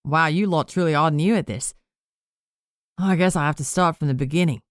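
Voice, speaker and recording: A boastful male warlock who talks down to everyone as if it were a casual chat, voiced by a woman reading an audiobook. The voice sits low and dry. He sounds self-satisfied. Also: normal speed, no room sound, natural voice. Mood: smug, patronizing. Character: smug boastful Australian male warlock leader.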